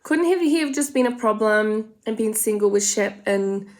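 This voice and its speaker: A woman's voice: mid-range voice, lively intonation, moderate pace. An Australian woman chatting casually and rambling through a makeup tutorial, full of gossipy asides. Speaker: makeup vlogger.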